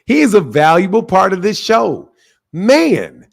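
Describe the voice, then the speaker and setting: Man, boxing stream host, casual, slangy, joking, laughs often, a bit high-pitched. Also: huge pitch swings, measured pace, gravelly, husky. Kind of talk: casual live-stream talk with callers.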